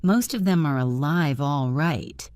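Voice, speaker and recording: A woman voicing a friendly, gentle country boy in a storybook reading. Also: sits low, measured pace, no echo, studio quality. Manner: gentle, easygoing.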